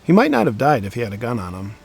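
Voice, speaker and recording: A young man talks straight to camera in a sarcastic comedic monologue. His mid-pitched voice keeps a deadpan, mock-serious tone throughout. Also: rapid-fire, gravelly, slightly rough. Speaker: video host.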